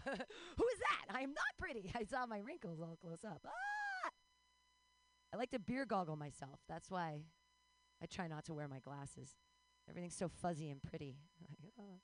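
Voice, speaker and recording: A woman's voice: lowish voice, low-quality recording. A woman in her forties doing a bawdy, self-mocking stand-up set, breaking into squealing voices. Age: 40s. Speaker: stand-up comedian.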